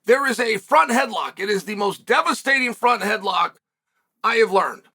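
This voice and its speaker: Emphatic high-voiced male commentator. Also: lively intonation, normal speed, gravelly, pushed and bright, husky. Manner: emphatic, repeats words and asks rhetorical questions. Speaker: host and former fighter. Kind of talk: commentary monologue to viewers.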